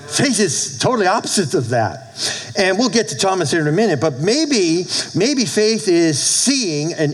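A male pastor preaching a sermon to his congregation, animated, with call-and-response asides. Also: a little high, poor audio. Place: church with a congregation.

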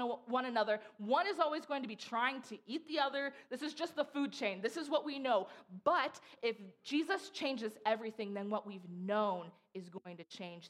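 A woman's voice: a little high, a bit bright. A young woman giving a casual, chatty sermon, acting out voices as she tells stories. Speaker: preacher.

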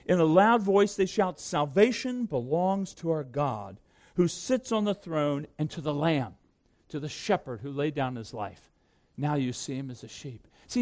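A man's voice: high-pitched, warm tone. A man preaching a sermon as pastor, earnest and reading scripture aloud to his congregation.

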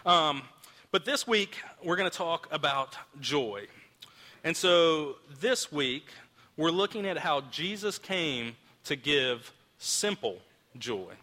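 A man's voice: fairly high pitch, animated, slow pace, bright, forceful tone, big-room sound. A man in his thirties preaching a sermon in a casual storytelling way, often restarting his sentences, recorded in a church auditorium. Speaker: pastor.

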